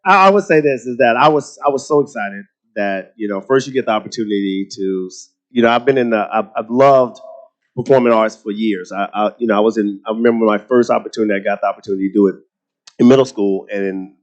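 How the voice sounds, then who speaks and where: A man from Texas with a Southern accent, a guest on a luncheon panel, telling animated stories and often restarting his sentences. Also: fairly low pitch, a little fast, muffled recording. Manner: animated storytelling, repeats words when starting sentences. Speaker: guest speaker.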